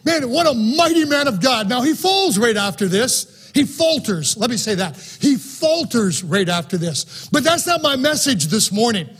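A man's voice: extremely high pitch, big pitch swings, normal speed, hardly any pauses, a bit bright, slightly rough. A man preaching a sermon, reading scripture aloud and then preaching on it with rising fervor.

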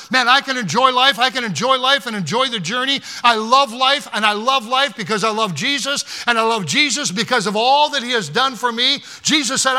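An older male pastor preaches with fervor, his voice high and strikingly bright. He shifts between loud exhortation and hushed, personal storytelling as he quotes scripture. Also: expressive, moderate pace. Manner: impassioned preaching, quoting scripture. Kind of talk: sermon.

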